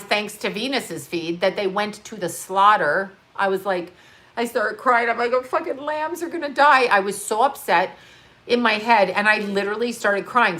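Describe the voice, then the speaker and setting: A woman's voice: medium pitch, pushed and bright. Rambling, profane woman on a livestream. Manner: rambling, profane, jumps between topics; laughs often while talking. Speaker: livestream host. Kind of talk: casual live-stream chat. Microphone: on-camera mic.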